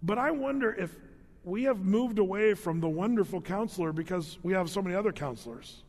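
A man's voice: high voice, animated, fairly quick, a little mellow, in a large hall. A middle-aged man preaching a conversational sermon as pastor, with joking asides and repeated words.

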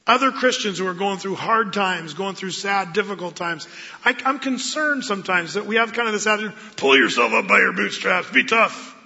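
A man preaching a sermon as pastor of his church, animated and acting out quoted voices. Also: high-pitched. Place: church sanctuary. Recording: dull lo-fi sound with long hall reverb.

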